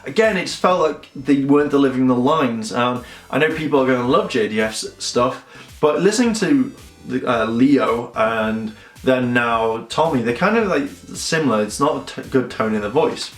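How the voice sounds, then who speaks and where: A man's voice: medium pitch, lively intonation, moderate pace, soft background music. A man giving a casual, rambling episode review, correcting himself often and acting out characters' lines. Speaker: show reviewer. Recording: echoey room.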